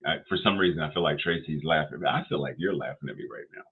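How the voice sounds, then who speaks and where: A man giving a sermon, deliberate and repetitive, asking rhetorical questions. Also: rumbling low, husky. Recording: tinny phone-like sound.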